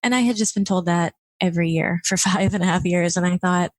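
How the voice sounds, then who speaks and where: A woman's voice: fairly low pitch, fairly quick, no echo. A woman in her thirties, a podcast guest, telling candid stories with frequent laughs and acted-out quotes. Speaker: guest, former chief of staff. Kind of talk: casual podcast interview.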